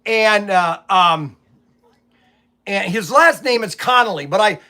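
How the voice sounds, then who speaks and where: A middle-aged man chats about his toy shop, winding through stories and often restarting his sentences. His voice sits high and sounds bright and forward. He acts out his phone calls with customers as he retells them. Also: slow. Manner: rambling, repeats words, animated retelling of phone calls. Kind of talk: casual storytelling vlog.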